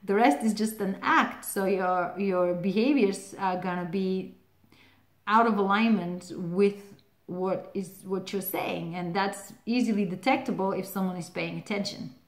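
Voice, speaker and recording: A woman chats through relationship advice in a loose, conversational way, dropping in quick laughs and plenty of "like" fillers. Her voice sits at an ordinary mid pitch. The room around her gives it a noticeable echo. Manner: chatty, laughs often, many "like" fillers. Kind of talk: casual advice talk to camera. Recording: roomy echo.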